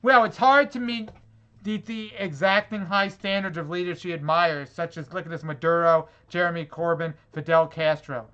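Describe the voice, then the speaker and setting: A man's voice: fairly high pitch, steady tone, moderate pace, sharp tone, clean tone, lo-fi sound. A man reading online comments aloud in a vlog and reacting to them with sarcastic, swearing exasperation. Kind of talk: angry rant reacting to comments.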